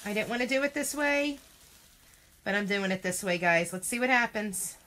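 A woman's voice: medium pitch, lively intonation, normal speed, sharp tone. A woman chatting through a home craft demo, chatty and self-deprecating, often exclaiming. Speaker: craft vlogger.

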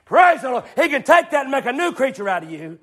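A middle-aged man preaching a fiery sermon, repeating folksy refrains and breaking into shouts. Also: very high-pitched, sing-song, quick pace.

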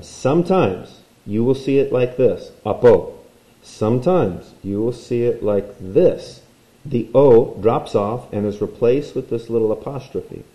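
A man's voice: on the low side, warm tone, echoey room, rough recording. A man teaching a recorded language lesson, playful and explaining while he draws.

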